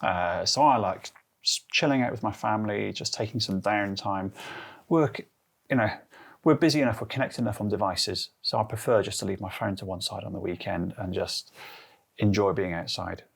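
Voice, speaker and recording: Male, Guernsey accent, husky, chatty interviewee. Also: fairly low pitch, normal speed. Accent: Guernsey English. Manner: chatty, animated storyteller acting out quotes. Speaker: interviewee, head of transformation and change. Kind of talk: casual interview answers.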